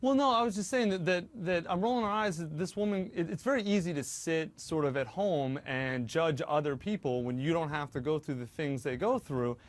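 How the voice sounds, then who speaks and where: A man's voice: a little high, fairly quick, few pauses, no echo. Earnest male co-host, dry sound. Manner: earnest, hedging with fillers. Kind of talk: talk show discussion.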